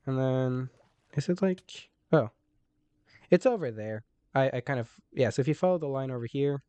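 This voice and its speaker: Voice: medium pitch, normal speed, warm tone, clean tone, dry recording. An easygoing player casually explaining the route to teammates during a game. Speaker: teammate guiding the group. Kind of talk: casual gaming chat.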